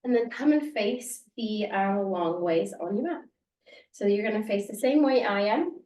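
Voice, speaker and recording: A woman's voice: medium pitch, expressive, moderate pace, darkish tone. A woman teaching a yoga class, guiding moves and breaths and counting down with encouraging words. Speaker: yoga instructor. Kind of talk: guided yoga class instruction. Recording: roomy sound, distant from the mic.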